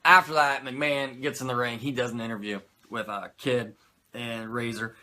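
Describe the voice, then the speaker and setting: A man recaps an old wrestling episode as a show reviewer, his medium-pitched voice bright and forceful yet flat in delivery, at a moderate pace. The commentary is casual and rambling, with free swearing, tangents, and self-mockery.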